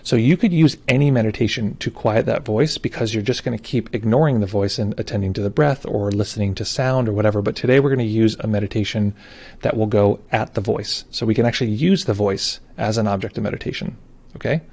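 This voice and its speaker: Fast-talking gravelly man teaching meditation. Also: fairly low pitch. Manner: relaxed and informal, with frequent restarts. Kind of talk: explaining meditation in a live call.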